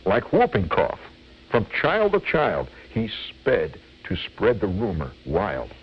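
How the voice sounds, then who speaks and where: Slow, husky man reading a poem. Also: fairly low pitch, wildly swooping pitch. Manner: playful, teasing asides to listeners; chuckling, theatrical. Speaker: radio host reading poetry. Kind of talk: dramatic poetry reading. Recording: dull lo-fi radio recording with faint music.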